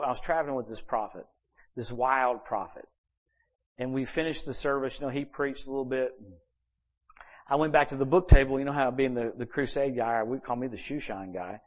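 A man preaching at a church service, telling personal stories and acting out quoted dialogue with sudden jumps in loudness. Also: medium pitch. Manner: animated storyteller who acts out quoted dialogue with sudden shifts in loudness. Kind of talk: sermon storytelling.

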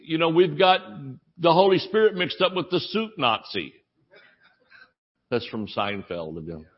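Speaking a little slowly in a slightly high voice, a Southern US man preaches a funny sermon full of stories and laughter. He narrates with animation and laughs frequently, and the audio has its highs cut off.

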